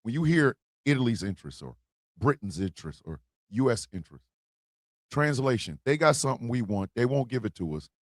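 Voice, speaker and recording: A man's voice: mid-range voice, sing-song, a little fast, dry recording, studio quality. A man hosting a livestream, delivering a blunt political monologue with emphatic repetition and swearing. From United States. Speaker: host.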